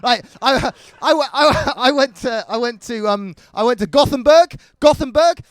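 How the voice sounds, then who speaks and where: An English man doing stand-up, talking fast and all over the place, swearing and mocking himself. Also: very high-pitched, dry recording. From England. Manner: rapid, scattered, self-mocking, swears a lot. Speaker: stand-up comedian. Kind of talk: stand-up set. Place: comedy club stage.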